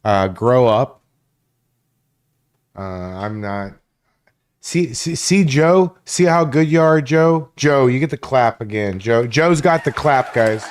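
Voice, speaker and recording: A man's voice: medium pitch, slow pace, smooth. Profane, combative male livestreamer. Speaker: livestream host. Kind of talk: live stream commentary rant.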